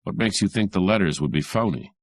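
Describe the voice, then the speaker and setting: A man's voice: deep voice, expressive, brisk, no echo, clean studio sound. A man voicing a cool private detective who answers in a bored, sardonic drawl. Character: cool, wisecracking male private eye.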